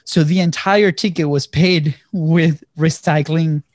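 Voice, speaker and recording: An animated man from Venezuela tells a story in a conversation, checking in with his listener and acting out the quotes. His voice sits fairly high for a man. The sound is dry and close. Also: slow, dry recording. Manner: animated storyteller, acts out quotes, frequent "right?". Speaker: guest.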